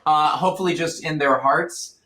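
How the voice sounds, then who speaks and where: A young man, a comedian co-hosting a podcast, chatting casually and telling stories in an animated, laughing way. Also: on the high side, moderate pace, a little hiss or hum. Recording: echoey room.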